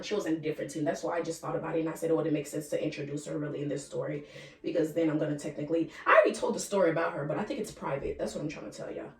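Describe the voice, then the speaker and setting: A woman's voice: deep voice, distant mic. A young woman rambling through a casual storytime, blunt and chatty, cursing now and then and turning to address her viewers. She sits back from the mic, and the room gives her voice a hollow, roomy ring. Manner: chatty, frank, swears freely; talks straight to viewers. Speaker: vlogger.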